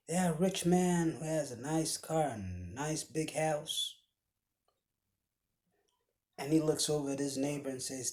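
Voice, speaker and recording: A man giving a motivational speech with a preaching cadence, often dropping his voice to a hushed whisper for emphasis. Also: fairly high pitch, measured pace, pauses often. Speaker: motivational speaker.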